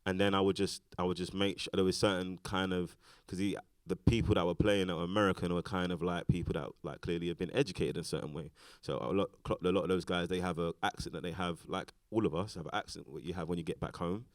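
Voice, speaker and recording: A British man with a very low voice talks fast and loosely, filling his sentences with fillers and restarts. He is a guest in a casual onstage conversation, and the sound is close and dry. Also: fairly even intonation, no echo. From Britain. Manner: rambling, lots of fillers and restarts. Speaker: actor, interview guest. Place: festival stage talk.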